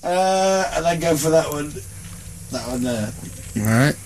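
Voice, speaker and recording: High lively male radio host over music. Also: measured pace, very noisy. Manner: jokey, sings jingles, laughs a lot. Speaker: radio breakfast show host. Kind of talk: playful radio banter. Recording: radio studio with loud music bed.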